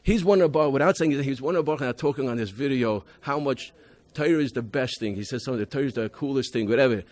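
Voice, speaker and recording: Quick-paced and a little mellow, this medium-pitched man is a rabbi giving a convention talk about a school program. His emphatic stories about students are full of restarts and sprinkled with Hebrew and Yiddish words.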